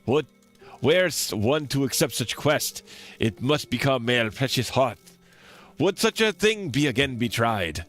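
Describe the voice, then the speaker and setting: A man voicing a grieving old female mourner in a game, in a put-on French accent, reading slowly and dramatically with stumbles. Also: mid-range voice, lively intonation, a bit bright, faint music behind, pitched above the performer's own voice. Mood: mournful.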